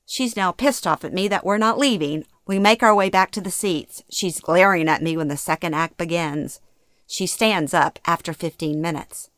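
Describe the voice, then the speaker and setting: A middle-aged woman from Louisiana reads her own memoir in a fairly low voice, earnest and openly emotional. The sound is close and dry, with no room around it. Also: normal speed, smooth, no echo. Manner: earnest, emotionally expressive storytelling. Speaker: memoir narrator. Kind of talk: first-person memoir reading.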